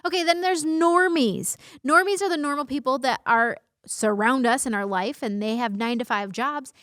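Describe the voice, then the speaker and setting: A woman's voice: sits high, normal speed, fairly bright tone, no echo, clean studio sound. A woman in her thirties hosting a casual vlog, bubbly and playful, making jokey asides and censoring herself. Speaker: vlog host. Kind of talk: casual talking-head vlog.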